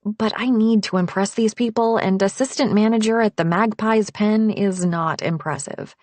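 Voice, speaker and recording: A woman narrating a first-person audiobook in a measured, intimate way. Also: mid-range voice, darkish tone, no room sound.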